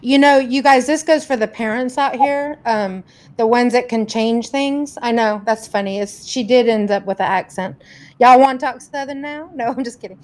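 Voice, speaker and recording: Woman hosting a live chat, kinda high voice, rambly and friendly, greeting people nonstop. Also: fairly even intonation, moderate pace. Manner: warm greetings, chatty, rambling. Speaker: host reading viewer comments. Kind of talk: casual live-stream chat.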